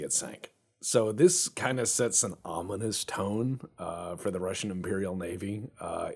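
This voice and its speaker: Gravelly low-voiced man rambling over gameplay. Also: a little mellow. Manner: rambling, chatty, swears casually. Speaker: gaming channel host. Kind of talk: casual gameplay commentary.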